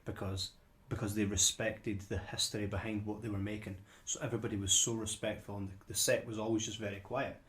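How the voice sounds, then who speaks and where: On a relaxed film podcast, this male co-host talks a little fast with few pauses, his lowish voice a bit bright and barely moving in pitch. He meanders and repeats himself on the way to making his point.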